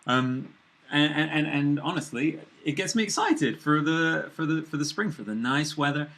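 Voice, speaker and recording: A man's voice: fairly high pitch, moderate pace, creaky, fairly bright tone. A British man co-hosting a live marketing video, joking around and rambling with lots of fillers. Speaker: co-host.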